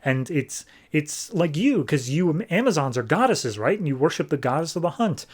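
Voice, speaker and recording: Fierce comic-book cheetah villainess, raised high and boastful, as a man doing a quick voice. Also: very animated, husky. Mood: chummy. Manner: eager, then fanatical and boastful. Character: fierce female cheetah villainess, zealous huntress.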